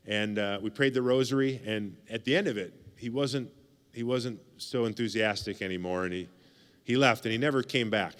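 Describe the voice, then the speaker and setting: A man's voice: lowish voice, unhurried, long pauses, fairly bright tone, long reverb tail. A man in his forties from the United States giving a casual, joking keynote speech at a banquet, repeating phrases for emphasis. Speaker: keynote speaker. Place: banquet hall.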